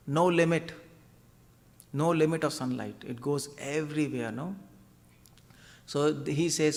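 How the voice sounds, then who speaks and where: A man's voice: on the high side, unhurried, vocal fry, long pauses, long reverb tail. A man giving a devotional lecture as a preacher, conversational and often asking his audience questions. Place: temple hall.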